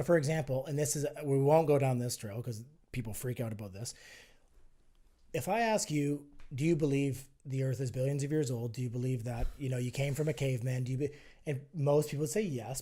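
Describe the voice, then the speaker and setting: In a casual podcast conversation, a health and fitness entrepreneur appearing as a guest speaks persuasively, dramatizing both sides of an argument. His mid-range voice is mellow and fairly quick.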